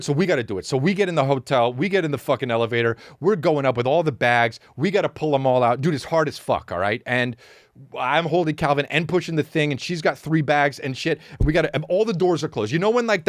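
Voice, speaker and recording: A man in his thirties, a podcast host, telling a comedic story in a profane, animated rant full of repeated words and sound effects. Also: fairly high pitch, no echo, studio quality. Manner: acts out sounds and quotes.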